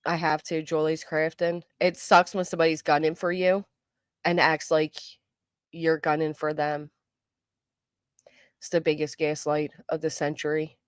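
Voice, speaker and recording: A middle-aged woman hosting a live stream, chatting casually with viewers, greeting them by name, and talking fast and loud. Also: low voice, little pitch movement, clear, resonant tone, no echo, clean studio sound. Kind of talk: casual live chat, reading comments.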